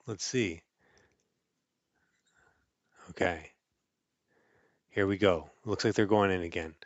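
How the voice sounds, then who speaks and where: A man casually reading a picture book aloud to a child, playful and animated, adding sound effects and chuckles. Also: deep voice, takes it slowly, dry recording, lo-fi sound. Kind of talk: casual storybook read-aloud.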